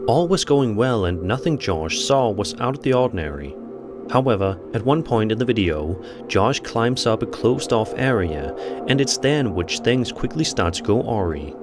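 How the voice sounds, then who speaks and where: A man reading scripted narration of eerie stories in a measured, even delivery. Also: fairly low pitch, music in the background.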